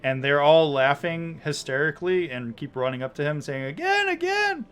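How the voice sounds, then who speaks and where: Relaxed man narrating a tabletop game. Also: fairly high pitch, normal speed. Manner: relaxed, chuckling narration with fillers. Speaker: game master.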